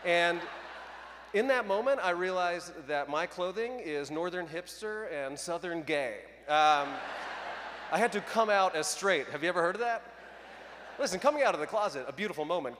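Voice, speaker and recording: A man's voice: high voice, animated, moderate pace, a bit bright. A young man doing a stand-up comedy set on a large arena stage, self-deprecating and conversational, bantering with the crowd. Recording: arena reverb, faint crowd noise. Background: audience laughter.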